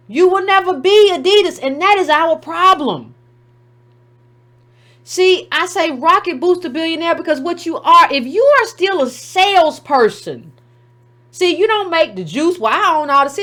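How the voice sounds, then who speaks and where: A woman with a high voice delivers an opinionated commentary monologue as host of her own show. She argues emphatically, fires off rhetorical questions and slips into mocking impressions of others. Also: fairly bright tone.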